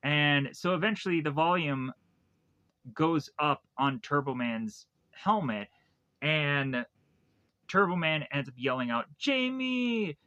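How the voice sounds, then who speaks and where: Bright-voiced man rambling through a plot recap. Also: fairly high pitch, slow pace, smooth. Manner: rambling retelling with repeated phrases. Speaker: movie reviewer. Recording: dull lo-fi dry recording.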